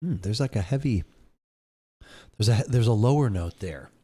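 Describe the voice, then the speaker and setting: A man's voice: fairly low pitch, lively intonation, normal speed, dark tone, breathy edge. A man co-hosting a live podcast, chatting easily about beers and laughing often. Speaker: podcast co-host. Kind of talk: casual chat, beer tasting.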